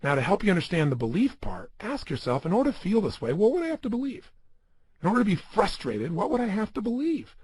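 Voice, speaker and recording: A man's voice: sits high, sing-song, fast talker, a little mellow, husky, no room sound. A man giving a motivational seminar talk, speaking emphatically and asking the listener many rhetorical questions.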